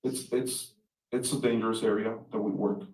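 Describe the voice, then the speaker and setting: A man's voice: lowish voice, level tone, normal speed, a little mellow. A male law enforcement officer testifying on the witness stand, giving short, terse answers. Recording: echoey courtroom audio from far mic.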